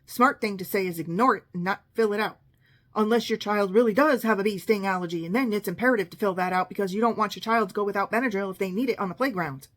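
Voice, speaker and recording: A woman's voice: medium pitch, fast talker, fairly bright tone. A middle-aged woman telling a long personal story in a casual, sarcastic, exasperated way, quoting the people in it.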